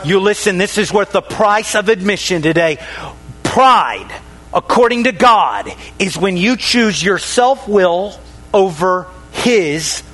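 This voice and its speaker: A man preaching a sermon to a congregation, pausing dramatically, dropping his voice on key words and calling for responses. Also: animated, bright, forceful tone. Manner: dramatic pauses, drops voice low on key words.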